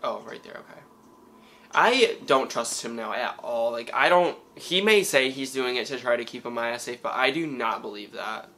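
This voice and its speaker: A man hosting a reaction video, talking back to the screen in excitable, casual commentary. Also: mid-range voice, moderate pace, poor audio.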